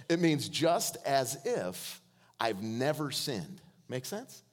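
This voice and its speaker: A man's voice: medium pitch, sing-song, slow. A man preaching a sermon as guest preacher in a church, joking and calling on the congregation to answer him. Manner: joking, calls on the congregation to respond.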